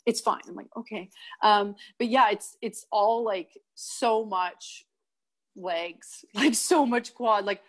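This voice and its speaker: A woman's voice: mid-range voice, slow. A young woman from Canada, a guest in a casual interview, telling stories animatedly, acting out quotes and laughing often. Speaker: guest, kettlebell athlete.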